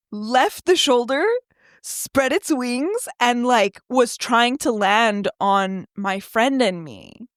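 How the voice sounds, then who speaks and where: Young woman podcast co-host, lively pitch, dry close sound, swears while telling stories. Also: no echo. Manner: animated, swears freely, acts out quoted voices. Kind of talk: casual chat, storytelling.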